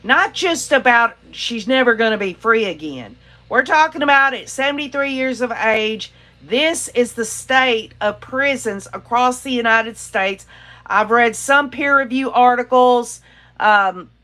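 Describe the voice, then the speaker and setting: A woman's voice: a little high, sharp tone, slight background noise. A woman hosting a casual true-crime livestream, greeting viewers and reading their comments aloud, talking in an emphatic, opinionated way with plenty of fillers and restarts. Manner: frequent fillers and self-restarts. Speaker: livestream host.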